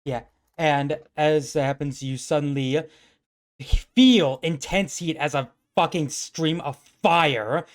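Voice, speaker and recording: A game master narrating a tabletop game in a relaxed, chatty way, laughing often. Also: medium pitch, slow pace.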